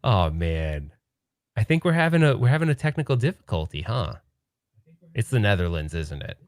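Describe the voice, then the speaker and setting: A man's voice: lowish voice, normal speed, dry recording, clean studio sound. A man hosting a late-night livestream from home, chatting casually, joking and laughing while trying to keep his voice down. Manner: laughing, joking, excitable but hushed. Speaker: livestream host.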